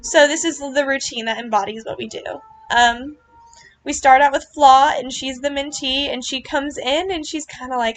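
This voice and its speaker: A woman giving casual reaction commentary on a video, gushing and earnest, with lots of fillers and quick apologies. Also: high voice, slight background noise. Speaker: vlogger reacting to her club's riding routine.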